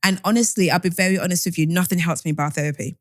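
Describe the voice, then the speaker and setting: A woman's voice: fairly low pitch, fairly even intonation, rapid-fire, dry recording. A young woman, co-hosting a podcast in candid, rambling casual chat. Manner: rambling, candid, restarts often. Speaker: podcast co-host.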